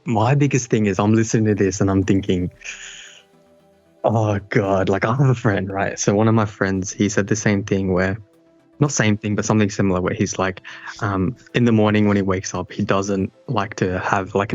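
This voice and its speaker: A young man co-hosting a podcast in casual chat, talking emphatically with lively jumps of incredulity. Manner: animated, emphatic disbelief, pitch jumps up. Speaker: podcast co-host. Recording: dry dull sound with faint music.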